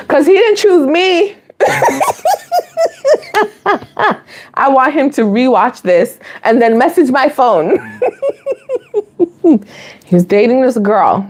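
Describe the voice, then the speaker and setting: A woman in her late thirties telling stories in a casual live Q&A vlog, chatty and confiding, laughing often as she talks. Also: sits high. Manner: chatty and confiding toward viewers. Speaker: vlogger host.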